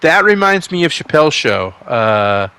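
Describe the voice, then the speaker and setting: Male gaming commentator, casual and rambling, bright forceful tone, sudden excited jumps. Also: fairly high pitch, moderate pace, clear, resonant tone. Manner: excitable, rambling, rises sharply on big plays. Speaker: game commentator.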